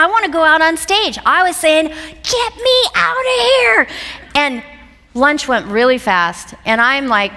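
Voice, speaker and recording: Woman speaker on stage, high bright voice, lively story to a seminar crowd in a reverberant hall. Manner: animated, laughs through her own story. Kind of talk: storytelling talk to a live audience.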